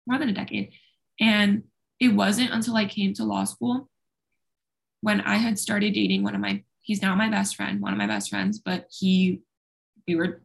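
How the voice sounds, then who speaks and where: A woman's voice: mid-range voice, vocal fry. A young woman speaking openly and at length as an interview guest, talkative and self-deprecating. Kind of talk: candid personal conversation.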